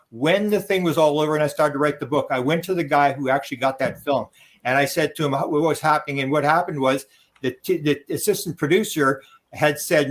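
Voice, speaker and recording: A man giving a rambling interview answer as a guest author, acting out quoted dialogue as he tells stories. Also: fairly high pitch. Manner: rambling anecdotal telling, acts out quoted dialogue. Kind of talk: interview storytelling.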